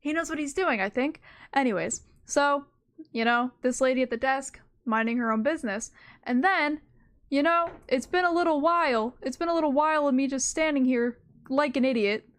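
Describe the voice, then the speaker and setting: A woman's voice: high voice, normal speed. A young adult woman streamer casually telling a rambling, self-mocking story, swearing freely along the way.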